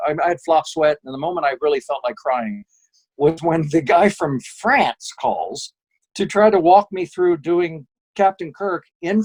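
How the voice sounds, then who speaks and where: A man, a voice actor guest, telling lively anecdotes in a casual interview and slipping into quick impressions. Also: a little high, low-quality recording.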